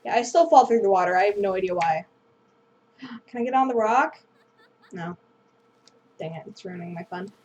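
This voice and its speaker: A woman's voice: mid-range voice, expressive, moderate pace, long pauses, a little mellow, dull audio, slight background noise. A woman hosting a gameplay video, rambling through casual commentary and apologizing self-deprecatingly. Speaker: gaming video host.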